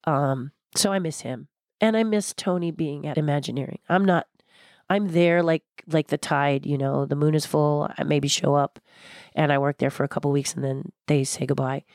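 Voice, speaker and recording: Blunt, passionate older woman, low voice. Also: moderate pace, dry recording, studio quality. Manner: passionate, blunt, animated storyteller. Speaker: guest, former theme park designer. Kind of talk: candid interview conversation.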